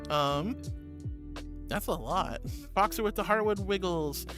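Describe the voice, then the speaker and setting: A mid-pitched streamer chats through viewer messages, teasing and affectionate, laughing easily and calling everyone sweetheart. Steady background music runs clearly under the voice, picked up on a close desk mic. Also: slow. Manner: affectionate, playful, giggly, calls viewers sweetie and honey. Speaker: VTuber streamer. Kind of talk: casual livestream chat, reading viewer messages. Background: music playing.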